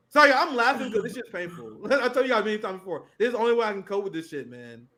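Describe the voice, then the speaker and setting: Man, 30s, political co-host; sarcastic, profane, high-ish voice. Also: lively intonation, fairly quick, a crowd in the background. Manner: sardonic, reads headlines and mocks them. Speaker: podcast co-host. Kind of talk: casual political commentary.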